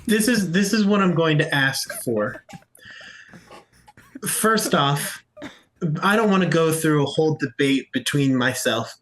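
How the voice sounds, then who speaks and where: A man narrating and running a tabletop game as game master, explaining rules in a relaxed way. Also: a little high, unhurried, long pauses.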